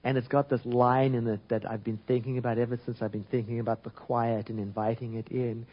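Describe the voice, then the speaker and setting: A man giving an informal spiritual talk, reflective and gentle, often restarting and trailing off softly. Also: mid-range voice, flat delivery, fairly quick, muffled recording. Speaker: spiritual teacher.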